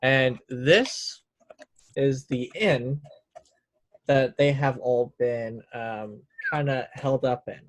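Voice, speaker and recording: A man as dungeon master, chatting casually and making wry asides. His voice is mid-pitched and sits close and dry, with no room sound. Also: very slow, no room sound. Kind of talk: casual game table chat.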